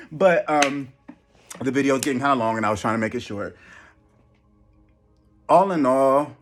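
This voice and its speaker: A man vlogging casually, stumbling and repeating words with many pauses. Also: medium pitch, fairly bright tone, a little hiss or hum. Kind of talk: casual vlog talk.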